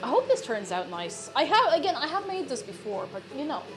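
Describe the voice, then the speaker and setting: A woman's voice: sits high, very animated, fairly quick, music in the background. An Irish woman streamer baking at home and chatting with her viewers in a playful, teasing way. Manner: playful, teasing, joking with chat. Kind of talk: casual chat while baking on stream. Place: home kitchen.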